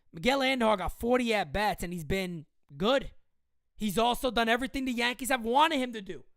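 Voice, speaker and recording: A woman's voice: on the high side, fairly bright tone, dry recording, clean studio sound. A woman in her thirties hosting a sports livestream, ranting heatedly with profanity and repeating her points for emphasis. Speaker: livestream host. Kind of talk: sports fan rant on a livestream.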